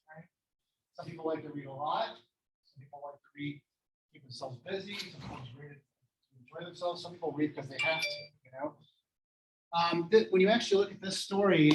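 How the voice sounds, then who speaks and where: Male teacher, casual classroom lecture, rambling, self-deprecating, voice a bit on the high side. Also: low-quality recording.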